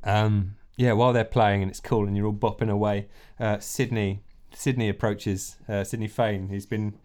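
A man's voice: fairly low pitch, level tone, moderate pace, darkish tone. A man narrating a tabletop role-playing game as game master, rambling and often laughing between scene descriptions. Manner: rambling, with many fillers and restarts, often laughing.

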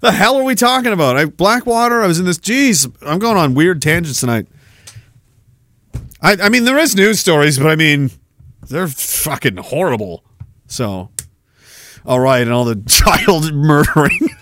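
A man's voice: fairly high pitch, sing-song, moderate pace, fairly bright tone. A man hosting a podcast in casual chat, rambling, swearing freely and joking darkly. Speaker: podcast host.

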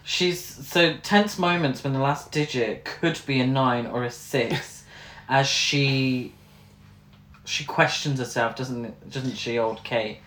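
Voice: mid-range voice, takes it slowly, a bit bright, reverberant. A co-host ranting with exasperation and plenty of swearing about plot holes in a film. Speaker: podcast co-host. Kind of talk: casual comedic chat.

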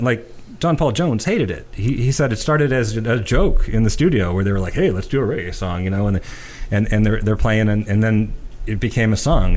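A middle-aged man with a lowish voice chats casually about old songs. He tells stories in a loose, rambling way, full of restarts and fillers. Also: a little hiss or hum. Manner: chatty storyteller, many restarts and fillers. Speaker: podcast co-host. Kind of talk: casual music chat.

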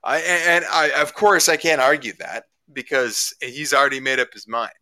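A man's voice: mid-range voice, steady tone, moderate pace, sharp tone. A man from Canada in casual talk, telling a story with many stammered restarts and getting worked up. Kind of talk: casual chat.

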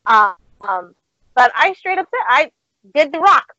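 A woman's voice: sits high, very animated, unhurried, bright, forceful tone. A woman, a former wrestling manager, telling brash stories as a podcast guest and swearing freely while she acts out what people said. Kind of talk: casual storytelling on a podcast. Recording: dry, slightly dull video call audio.

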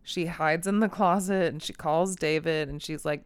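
A woman casually recapping a movie plot in animated detail, swearing freely and acting out the characters' lines. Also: sits low, moderate pace, clean tone, no room sound. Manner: animated storytelling, frequent swearing, acts out quotes. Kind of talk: casual chat.

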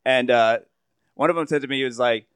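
A man's voice: mid-range voice, brisk, fairly bright tone, clean tone, no echo. A man in his thirties doing a stand-up set, rambling and crude with lots of fillers. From United States. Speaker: stand-up comedian.

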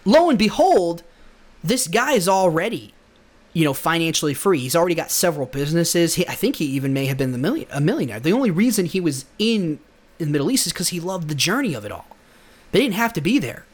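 A young man talks through a motivational monologue as a podcast host, earnest and loose, often restarting his sentences. His voice sits a little higher than most men's. The talk stays casual. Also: very animated, quick pace. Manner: earnest, rambling with many restarts.

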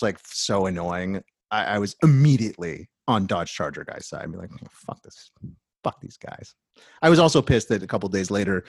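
Profane, animated man telling a story. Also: on the low side, dry recording, clean studio sound. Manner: animated, swearing, many restarts. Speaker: storyteller in a talk.

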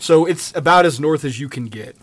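A man's voice: on the high side, lively intonation, a little fast. A man co-hosting a casual podcast, telling a story in a loose, joking way with plenty of fillers and swearing. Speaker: podcast co-host.

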